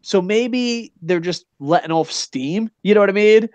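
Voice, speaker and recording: A man's voice: high voice, a little slow, no room sound, highs cut off. A middle-aged man hosting a casual wrestling podcast, rambling and swearing with big enthusiasm and asking "you know what I mean?" again and again. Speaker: podcast host. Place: Japan.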